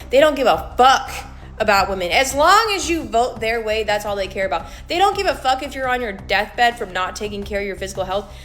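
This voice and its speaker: A woman delivering a blunt, profane social media rant with heavy emphasis. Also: medium pitch.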